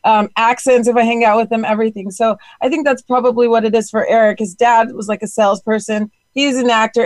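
A woman's voice: fairly high pitch, no room sound, rough recording. A woman co-hosting a talk show, chatty and upbeat, joking with her guests. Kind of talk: casual interview talk.

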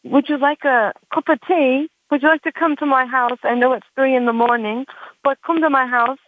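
A woman's voice: mid-range voice, steady tone, unhurried, natural voice. A woman putting on a flirty English man who invites someone over for tea, as part of a comedy bit. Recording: tinny phone line.

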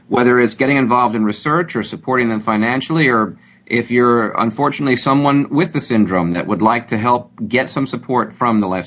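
A man's voice: medium pitch, a bit bright, husky. A man hosting a radio health show, talking in a friendly, conversational way with many fillers. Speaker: radio show host, doctor. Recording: dull lo-fi broadcast audio.

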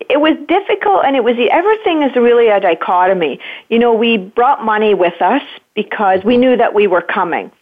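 A woman's voice: fairly high pitch, animated, fairly quick, few pauses. Woman on a tinny phone line. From Scotland. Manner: reflective, searching for words. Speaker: guest. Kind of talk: interview on a call-in show.

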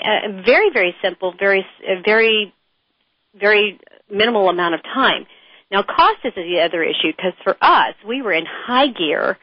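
A middle-aged woman speaks as an interview guest, frank and animated as she tells her stories. Her voice sits at an ordinary pitch. The recording is dry and a little dull. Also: dry recording. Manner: animated storyteller, frank and chatty. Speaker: author and guest. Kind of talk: conversational interview.

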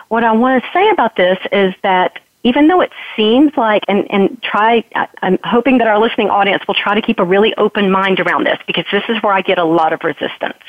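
A woman's voice: mid-range voice, dry recording. A woman explaining how to handle stress in a podcast conversation, earnest and teacherly, acting out her own worried thoughts as examples. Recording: tinny phone line.

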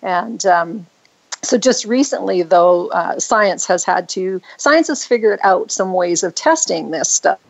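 A woman's voice: mid-range voice, expressive, unhurried, gravelly, rough recording. Give me a chatty middle-aged woman interviewer. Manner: chatty and affirming.

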